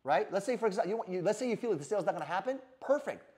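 A man giving an energetic sales coaching talk in a brash manner, swearing freely and often asking "right?". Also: high voice, rapid-fire. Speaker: sales trainer.

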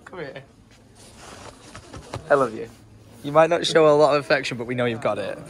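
A chatty British man hosting a travel vlog, laughing often and excited as he talks. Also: medium pitch, a little fast. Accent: British English. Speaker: vlogger host. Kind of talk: casual travel vlog chat. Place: road trip, petrol station. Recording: crowd noise behind.

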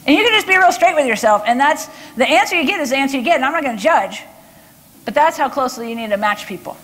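A woman from Texas speaks to a conference crowd in a bright, high voice. She is chatty and lively, stopping often to check in with "okay?" and "right?". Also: fast. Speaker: body language speaker. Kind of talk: conference talk with audience questions.

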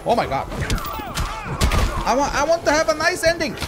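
A gamer giving excitable let's play commentary, swearing and laughing often. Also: sits high, moderate pace, very noisy.

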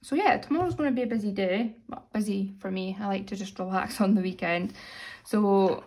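Chatty British woman, slightly hoarse. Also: mid-range voice, a little fast, darkish tone. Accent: British English. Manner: chatty, self-narrating, counting money aloud. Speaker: budgeting vlogger. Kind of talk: casual chat while cash stuffing.

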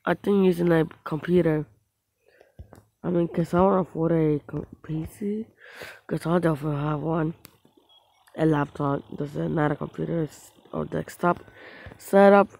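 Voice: medium pitch, creaky, darkish tone, dry recording, low-quality recording. A gamer giving casual let's-play commentary on their own mobile play, rambling to themselves with frequent restarts and small outbursts at the game.

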